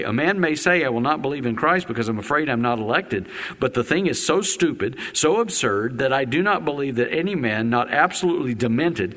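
A man preaching a sermon as the pastor of a church, reading a long quotation and then speaking in his own words, with sharp swings of pitch and loudness. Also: long reverb tail. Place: church sanctuary.

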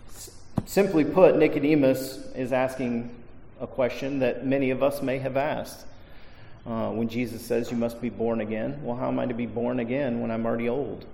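A man's voice: medium pitch, gravelly, dark tone, a little hiss or hum. A male pastor preaching a sermon to a congregation, stressing key words with emphasis. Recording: echoey hall reverb.

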